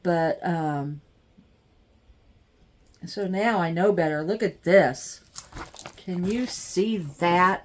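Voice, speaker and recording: A middle-aged woman speaks at an unhurried, drawn-out pace in a casual home vlog. She gushes with excitement and talks straight to her viewers, picked up by a camera mic in a craft room. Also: fairly low pitch. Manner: gushing, excitable, chatty with viewers. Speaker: vlogger.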